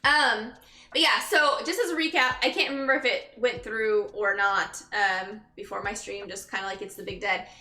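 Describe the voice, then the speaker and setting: A woman's voice: mid-range voice, fairly even intonation, moderate pace, sharp tone. A young woman streaming live, chatting casually with viewers, greeting them by name and sounding exhausted. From Texas. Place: her bedroom. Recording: echoey room with background music.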